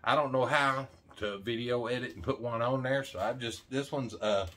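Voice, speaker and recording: A man's voice: medium pitch, normal speed, a bit bright. A middle-aged man from Arkansas, chatting casually and rambling as the host of his own vlog, folksy and jokey. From Arkansas, USA. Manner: folksy, jokey, talks straight to camera with a lot of "man". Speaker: channel host.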